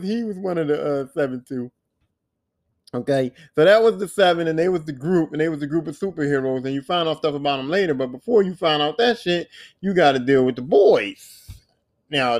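High-voiced profane man riffing casually. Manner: profane, rambling, acts out quoted characters in exaggerated voices. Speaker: podcast host. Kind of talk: casual comedic monologue recapping a show.

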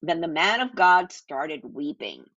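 A woman's voice: fairly low pitch, animated, a little slow, a bit bright, no echo, lo-fi sound. A woman reading and teaching a Bible passage in an earnest devotional style. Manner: earnest, reads scripture aloud with small slips.

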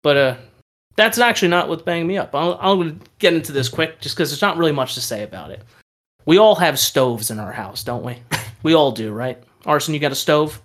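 A man co-hosting a casual podcast, telling animated stories with frequent laughter and casual swearing. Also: on the high side, fairly quick. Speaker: podcast co-host. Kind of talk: casual chat.

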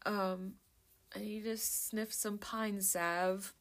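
A woman's voice: medium pitch, little pitch movement, measured pace, gravelly. A woman vlogger in casual chat, rambling and interrupting herself as she browses a book and reads lists aloud in a musing murmur. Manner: rambling, self-interrupting, chatty.

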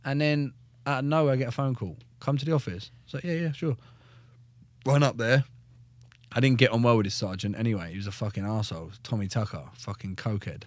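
A man's voice: mid-range voice, fast talker, no echo. A young man, a former soldier, telling his story in a casual podcast chat, blunt and full of swearing. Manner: blunt, heavy swearing, animated retelling.

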